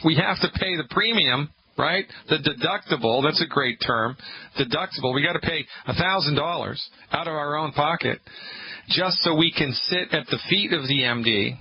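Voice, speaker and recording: A man hosting a call-in health radio show, talking in an animated, sarcastic and emphatic way. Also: on the high side, normal speed, breathy edge. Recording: muffled radio broadcast with faint hiss.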